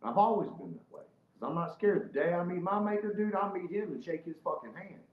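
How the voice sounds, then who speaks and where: A man's voice: sits high, sing-song, quick pace. A man telling a heated, profane story as a guest in casual podcast chat. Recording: roomy, slightly dull podcast audio.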